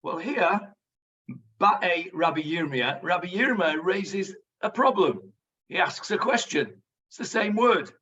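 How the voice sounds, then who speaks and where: Rabbi, bright and forceful voice, teaching online; sits back from the mic, audio dull. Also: male voice, sits high, animated, takes it slowly, distant mic. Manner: chatty, explains Hebrew words to students. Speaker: rabbi teaching a Talmud class. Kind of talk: online Talmud lesson. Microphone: video call.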